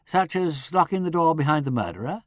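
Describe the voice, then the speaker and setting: A man's voice: on the high side, animated, a little fast, no room sound, clean studio sound, natural voice. A man reading an audiobook, voicing a woman detective novelist who speaks in an offhand, practical way.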